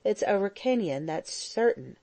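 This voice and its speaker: A woman voicing an excitable, absent-minded male French geographer who grows indignant. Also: medium pitch, normal speed, close to an everyday voice. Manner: shouting, indignant.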